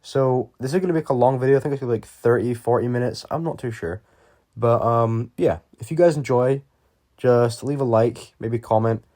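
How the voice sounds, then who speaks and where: A man's voice: medium pitch, brisk, dark tone. A young man telling a story time video in a casual, rambling way, full of fillers and swearing. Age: young adult. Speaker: YouTuber.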